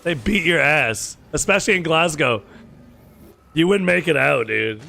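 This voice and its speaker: An American man streaming a game and chatting casually with his viewers, joking, teasing and firing off quick questions. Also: on the high side, animated, gravelly, sharp tone, faint music behind. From United States. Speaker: gaming streamer.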